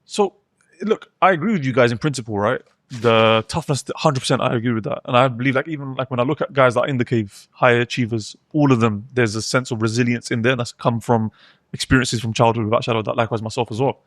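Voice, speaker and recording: A man's voice: medium pitch, fast talker, fairly bright tone, no room sound, studio quality. A man in his thirties who speaks thoughtfully and hesitantly in a casual podcast chat, often restarting his words. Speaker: podcast co-host.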